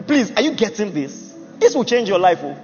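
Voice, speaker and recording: A man's voice: high voice, sing-song, normal speed, a little mellow. A man preaching a sermon, emphatic and laughing at his own jokes as he acts out Bible figures. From Nigeria. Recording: muffled hall recording with music.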